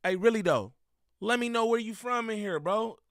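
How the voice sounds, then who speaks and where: A man livestreaming, reacting to a video and shouting out his chat in loose, slangy street talk with frequent laughs. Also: high-pitched, moderate pace, no room sound, studio quality. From Inland Empire, Southern California. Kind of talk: live-stream reaction and chat shout-outs.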